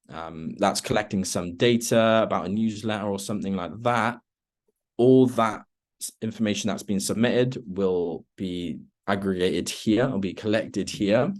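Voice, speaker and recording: Deep-voiced male trainer, relaxed software walkthrough on a call. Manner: relaxed, lots of ums, walks through steps. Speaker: product trainer. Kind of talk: screen-share software demo. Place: online meeting.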